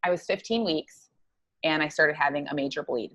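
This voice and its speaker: Low-pitched woman, guest on an interview, earnest, halting, lots of fillers. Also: fairly bright tone. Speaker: guest psychologist. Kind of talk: personal storytelling in an interview.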